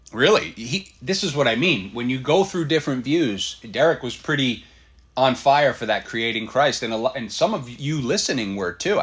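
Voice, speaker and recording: A man hosting a reaction show, pausing a video to comment in a blunt, fired-up, casual way, with some swearing and many fillers. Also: medium pitch, fairly bright tone, husky. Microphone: computer setup at a desk.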